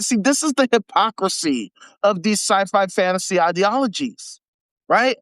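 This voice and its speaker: A livestream host rants in profane, mocking commentary, breaking off to read an article aloud. The voice sits at a middling pitch. It is recorded close and dry, with no room sound. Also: no room sound. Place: home setup for a live video.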